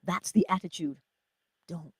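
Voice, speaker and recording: A woman hosting a morning inspiration livestream, teaching viewers in an animated way, often dropping into whispered asides and talking straight to her audience. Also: fairly low pitch, unhurried, husky, no room sound. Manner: speaks straight to the viewers, answers chat comments. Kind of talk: live-streamed inspirational teaching.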